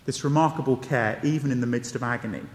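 Speaking fast at a medium pitch, a man delivers a conversational, emphatic sermon with wry asides and key phrases he keeps repeating. Everything rings with the long reverb of a large hall.

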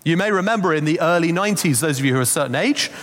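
A man's voice: on the high side, lively intonation, very fast, fairly bright tone. A man preaching a Christmas sermon, telling stories in a conversational way with asides. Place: church. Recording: long reverb of a church hall.

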